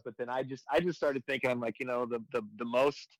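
A man in his twenties, a firefighter and comedy video creator, chatting casually and breaking into loud quoted voices as he tells stories. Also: mid-range voice, fairly quick, no room sound, poor audio. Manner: animated storytelling, jumps into loud quoted voices. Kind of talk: casual podcast chat.

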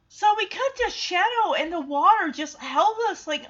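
A woman's voice: very high voice, expressive, normal speed, few pauses, a bit bright, dull audio. A woman in casual chat retelling a film, chatty and emotional with many fillers.

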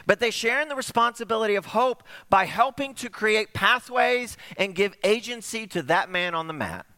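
Guy preaching a sermon, super lively pitch, acts out the story bits. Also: normal speed, long reverb tail. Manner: animated storytelling with acted dialogue.

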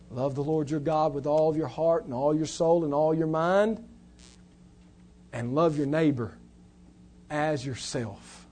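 A man delivers a sermon from the pulpit, his voice sitting fairly high for a man. He preaches with passion, dropping to a hush and then building to loud, urgent appeals. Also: a little slow, long pauses. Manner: impassioned preaching, rising from hushed to loud. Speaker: pastor.

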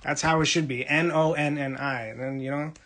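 Husky young New man chatting live. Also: on the high side, steady tone, fairly bright tone. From Brooklyn, New York. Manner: playful, teasing, quick asides to chat. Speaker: livestream host reading chat. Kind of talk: casual livestream chat.

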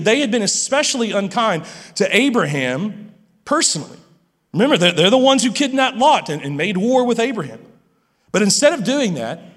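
A man preaching a sermon as pastor, lively and animated, often stammering and restarting his phrases. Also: high voice, in a large hall.

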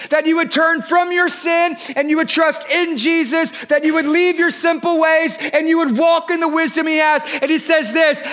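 A man preaching a sermon as pastor, swinging between loud, shouted declarations and hushed, quiet passages. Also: very high-pitched, level tone, moderate pace, few pauses.

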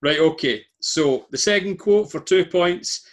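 A man's voice: high voice, unhurried. A Scottish man hosting a casual quiz, chatty and self-deprecating, laughing often as he reads out questions. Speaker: quiz host.

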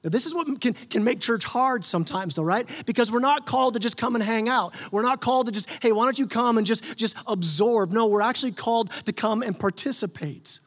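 Earnest high-voiced male pastor preaching. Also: a little fast, few pauses, fairly bright tone, long reverb tail. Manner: earnest, conversational preaching with repeated restarts. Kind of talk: sermon. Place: church sanctuary.

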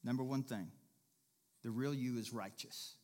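A man's voice: mid-range voice, fairly even intonation, unhurried, a little mellow. Man preaching a folksy, emphatic sermon. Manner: preaching with rising emphatic bursts and repetition; folksy, jokes with the congregation and laughs. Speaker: pastor.

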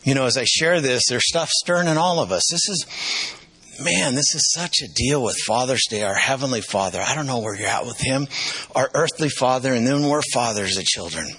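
A man's voice: medium pitch, expressive, fairly quick, a bit bright, slightly rough, rough recording. A middle-aged man preaching a sermon, telling personal stories with emotional, repetitive emphasis. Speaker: pastor.

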